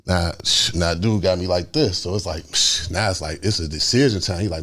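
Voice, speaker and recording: Man with a low voice. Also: a little fast. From Chicago. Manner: animated, acts out voices, swings between loud and hushed. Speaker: guest storyteller. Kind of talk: casual storytelling interview.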